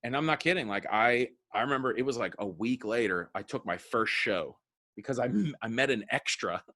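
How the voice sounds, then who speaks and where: A man's voice: mid-range voice, fairly quick, pushed and bright. A man in his thirties, a comedian guest, telling rambling stories in a casual interview and acting out the people he quotes. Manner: rambling storyteller, acts out quoted voices.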